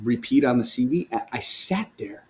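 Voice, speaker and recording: A man telling a personal story as a guest on a video call, his mid-pitched voice shifting with the telling. He laughs often and restarts his sentences as he goes, speaking casually and candidly. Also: expressive, normal speed. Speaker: guest, worship leader. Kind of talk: remote video call interview. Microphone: video call microphone.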